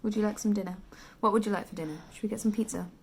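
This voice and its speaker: A tired British woman in her thirties, chatting casually to camera as a vlogging mother, often dropping into quiet whispered asides. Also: medium pitch, steady tone, very fast, slight background noise. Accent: British English. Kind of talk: casual vlog chat.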